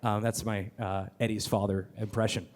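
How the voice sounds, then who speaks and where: A man talking onstage as a podcast host, enthusiastic and rapid, with many fillers, restarts and the odd swear word. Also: fairly low pitch, little pitch movement, darkish tone. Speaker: podcast host and guest speaker. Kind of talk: live onstage conversation.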